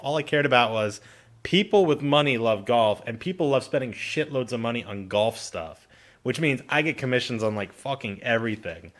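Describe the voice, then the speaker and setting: A man telling rambling, profane personal stories to his channel's viewers in a loose, animated way. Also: mid-range voice. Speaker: channel host. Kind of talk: casual storytelling to camera.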